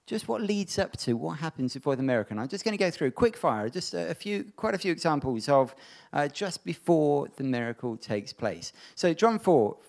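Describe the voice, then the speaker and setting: A man preaching a sermon, reading Bible stories and bringing them to life with animated voices. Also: fairly high pitch, moderate pace, gravelly.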